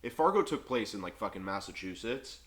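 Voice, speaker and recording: Man, podcast host, casual chat, lively pitch, low voice, swears freely. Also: fairly quick.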